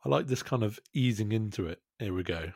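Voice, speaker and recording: A man's voice: fairly low pitch, animated, fairly quick, vocal fry, a little mellow, dry recording, studio quality. A man casually commenting on a skate video with a co-host, laid-back and naming tricks.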